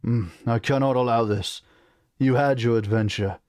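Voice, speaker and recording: A man reading aloud and voicing a stern, exasperated king who speaks in a slow, measured way. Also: medium pitch, steady tone, a little mellow, no echo, clean studio sound, lightly acted. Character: stern male king, exasperated and coldly calm.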